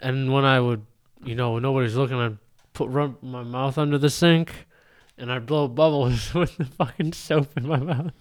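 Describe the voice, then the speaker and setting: A man co-hosting a podcast, teasing and laughing through crude casual banter and quick stories. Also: mid-range voice, fairly even intonation. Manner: laughing, teasing, fast storytelling. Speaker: podcast co-host.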